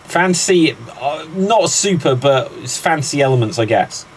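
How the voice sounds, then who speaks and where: A man's voice: on the high side, animated, normal speed, slight background noise, low-quality recording. A man hosting a live guessing game, upbeat and teasing, often laughing. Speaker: quiz host.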